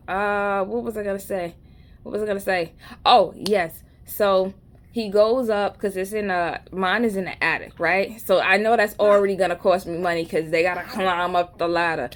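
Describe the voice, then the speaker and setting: A woman with a New York accent chats casually to the camera. Her speech is loose and slangy, full of asides and jokes, at a mid-range pitch. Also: fairly even intonation, moderate pace. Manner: rambling, conversational, slangy and joking. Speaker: vlogger. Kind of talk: casual storytelling chat.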